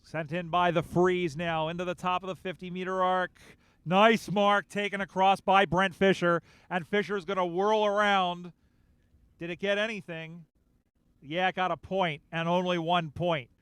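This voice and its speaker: A man calling a live field game, his voice a little high and smooth with a clean, crisp tone. He talks in quick, excited bursts when the play picks up, with a level, fairly steady melody. The sound is close and dry, with no room around it. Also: no room sound. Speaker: play-by-play commentator. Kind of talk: live sports commentary. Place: outdoor sports field broadcast.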